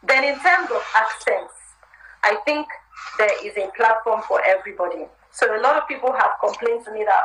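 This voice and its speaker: A woman's voice: on the high side, animated, normal speed, fairly bright tone. A woman with an American accent, the guest in a live chat interview, giving candid, chatty career advice. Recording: roomy live stream audio.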